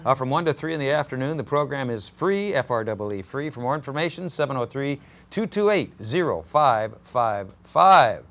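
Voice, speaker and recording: A man's voice: medium pitch, expressive, moderate pace, hardly any pauses, fairly bright tone. Local news host guy, upbeat, reads out event info, average voice. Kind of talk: casual news segment hosting.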